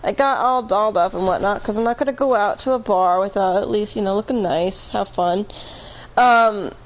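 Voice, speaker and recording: A woman's voice: medium pitch, moderate pace, highs cut off. A woman casually telling a long story on a live stream, rambling, correcting herself and laughing between points.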